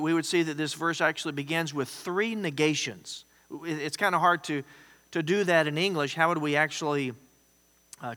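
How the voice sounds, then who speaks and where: A man's voice: a little high, bright, forceful tone, big-room sound. A man pastor preaching a conversational sermon, emphatic, with rising exclamations.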